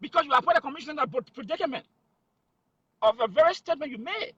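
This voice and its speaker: A man's voice: very high voice, animated, quick pace, a bit bright, dry recording, lo-fi sound. A man giving heated political commentary, emphatic and full of rhetorical questions.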